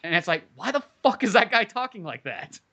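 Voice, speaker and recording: Guy hosting a podcast, kinda high bright voice, swears a ton, animated. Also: a little fast, lo-fi sound. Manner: profane, animated, mocking impressions. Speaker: podcast host. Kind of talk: casual chat.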